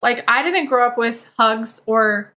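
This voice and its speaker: A woman's voice: a little high, measured pace, pushed and bright. A woman guest on a podcast, talking candidly and openly with lots of fillers. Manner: candid, open, filler-heavy talk. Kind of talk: casual chat.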